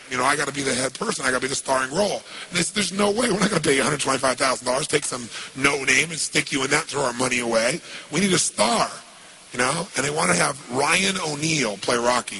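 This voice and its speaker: A male speaker telling a story to an audience in a lively way, acting out the quoted dialogue and asking the listeners questions. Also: fairly high pitch, creaky, a little hiss or hum, poor audio.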